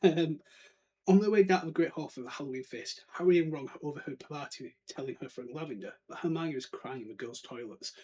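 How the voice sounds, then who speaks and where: Fast-talking, with a husky, dark-toned voice on the high side, this podcast host breaks down a book chapter in relaxed chat. He laughs often and slips into goofy character voices.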